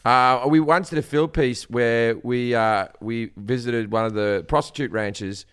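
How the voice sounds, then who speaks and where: Smooth-voiced Australian man joking around. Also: mid-range voice, fairly even intonation, a little slow, a bit bright. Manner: joking, rambling banter with laughs. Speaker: podcast host. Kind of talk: casual comedic chat.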